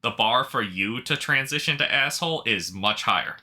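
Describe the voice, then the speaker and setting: A man's voice: mid-range voice, lively intonation, normal speed, bright, forceful tone. A man co-hosting a casual podcast, chatting in an enthusiastic, supportive way. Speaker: podcast co-host. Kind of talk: casual chat.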